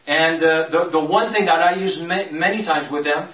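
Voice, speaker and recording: A man gives a casual Bible teaching, with a higher-than-usual voice for a man. He draws out important words slowly and then hurries through side stories. The sound is dull and roomy, picked up from some distance. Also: a bit bright. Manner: stretches key words slowly, rushes through asides. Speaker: preacher.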